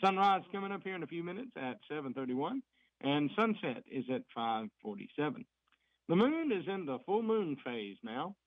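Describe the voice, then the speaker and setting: A man gives a folksy, chatty community report on local radio. His voice sits a bit high and moves around a lot. The sound is dry and dull, like lo-fi radio. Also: big pitch swings, moderate pace, dry recording. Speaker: fire district reporter on radio.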